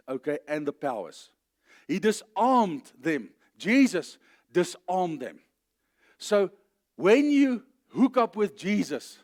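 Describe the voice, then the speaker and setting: Male pastor, South African accent, middle-aged, emphatic church sermon, slightly high voice. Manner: emphatic, rising to loud declarations then dropping low.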